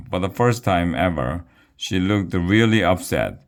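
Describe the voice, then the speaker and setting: Man reading a kids' chapter book aloud; very low voice, unhurried. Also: animated. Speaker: reader.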